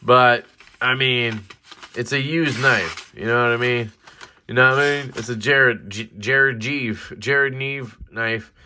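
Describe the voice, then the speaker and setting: A young man casually reviewing a knife in a rambling, excited vlog, swearing now and then. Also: medium pitch, takes it slowly, a little hiss or hum.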